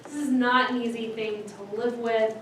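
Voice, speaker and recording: At a moderate pace, a fairly high-voiced woman delivers a storytelling lecture on autism and families, animatedly imitating the voices of the people in her stories. She's a bit distant from the mic, and the lecture room adds echo and a soft background hum.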